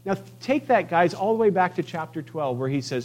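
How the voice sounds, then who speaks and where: Emphatic preacher man, higher voice. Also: big pitch swings, fairly quick, few pauses. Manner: emphatic, swings between quiet asides and loud declarations. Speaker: pastor. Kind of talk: sermon.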